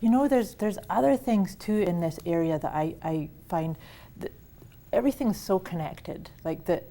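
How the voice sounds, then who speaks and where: A woman's voice: on the low side, expressive, moderate pace, dark tone. A woman hosting a casual conversation about wellness, talking with enthusiasm and frequent restarts. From Canada. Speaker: host.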